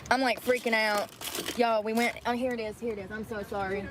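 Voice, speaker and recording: A woman's voice: fairly high pitch, fairly even intonation, brisk. Chatty woman vlogging from her car. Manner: candid, rambling, swears freely. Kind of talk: casual chat to viewers. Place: inside a parked car. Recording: car interior with vehicle noise.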